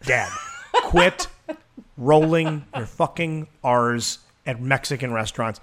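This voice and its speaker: A man's voice: medium pitch, slow, background noise. A man co-hosting a podcast, ranting casually with lots of swearing. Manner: profane, animated ranting. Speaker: podcast co-host. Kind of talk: casual chat.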